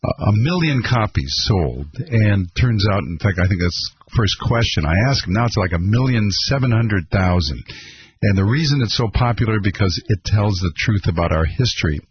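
A man's voice: fairly low pitch, breathy edge. A man hosting a political call-in radio show, talking in an indignant, sardonic way with many fillers. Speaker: radio talk show host. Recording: slightly dull radio audio.

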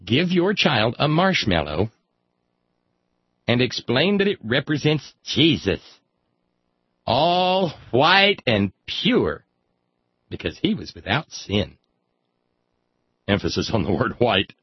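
A man's voice: medium pitch, sing-song, measured pace, pauses often, husky, dry recording. A man reading aloud in a sardonic comic style, with wry, mock-solemn asides. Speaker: comic reader. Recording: dry, slightly dull lo-fi sound.

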